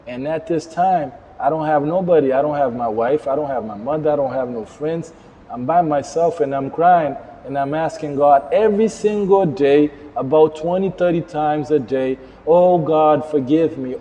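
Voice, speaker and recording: A middle-aged man, a Creole speaker, tells his life story as a guest with earnest, halting repetition. His voice sits a little high yet sounds mellow. A long reverb trails behind him. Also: slight background noise. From Cape Verde. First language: Cape Verdean Creole. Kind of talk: personal life testimony.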